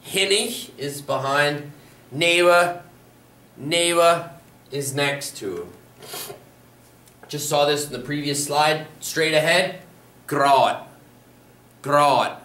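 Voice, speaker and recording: A man's voice: on the high side, bright, forceful tone, far from the mic. Man teaching a language lesson in an echoey room. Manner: slow, careful modeling of phrases. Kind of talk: slide-based language lesson. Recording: echoey room, voice a bit off-mic.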